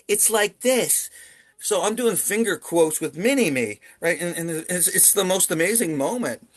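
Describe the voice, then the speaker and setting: A man from Ontario, Canada, a guest telling a story casually over a video call, animated and laughing often. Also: fairly high pitch, dry recording, studio quality.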